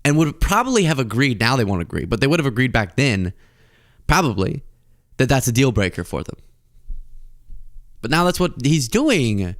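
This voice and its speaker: A man's voice: mid-range voice, moderate pace, long pauses. A young man hosting comedic political commentary, talking animatedly and acting out little scenes. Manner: animated, acts out scenes with voices. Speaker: host.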